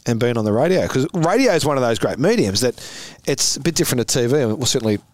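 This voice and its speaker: Animated Australian man telling footy stories. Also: medium pitch, fast talker, dry recording. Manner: animated, laughing storyteller. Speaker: former footballer, guest. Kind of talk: casual storytelling interview.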